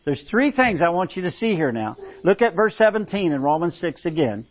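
Animated preacher man, lo-fi recording. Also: sits high, brisk. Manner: animated storytelling with stammered restarts. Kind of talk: sermon. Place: church with congregation. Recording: dull lo-fi recording.

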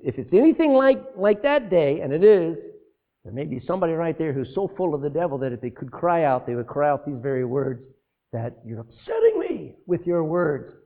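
A man preaches a sermon with a high voice that swings up and down widely. He throws rhetorical questions to the congregation and breaks into asides. The sound is tinny and narrow, as if heard over a phone line. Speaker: pastor.

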